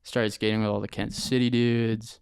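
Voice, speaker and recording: A man's voice: fairly low pitch, moderate pace, gravelly, clean tone, no room sound, clean studio sound. Young man telling stories casually, slangy. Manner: animated, slangy storytelling with many "like"s and acted-out quotes. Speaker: podcast guest. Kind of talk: casual storytelling interview.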